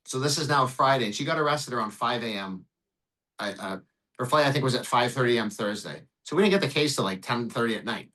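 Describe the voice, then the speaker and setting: Telling a case story on a podcast, this immigration lawyer talks at a rapid clip with a bright, forceful voice in the mid range. He's blunt and animated, cursing liberally and performing both sides of the exchange. Recording quality is low.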